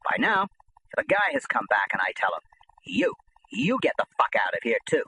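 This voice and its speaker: A man narrating a first-person memoir as an audiobook, in an animated, tough-talking storytelling manner. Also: fairly low pitch, a little fast, a little hiss or hum, poor audio.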